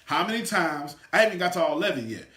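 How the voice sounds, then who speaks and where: A man giving an energetic motivational teaching talk to a small live audience, swinging from loud shouts to quiet asides. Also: sits high, quick pace. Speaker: motivational coach. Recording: echoey room.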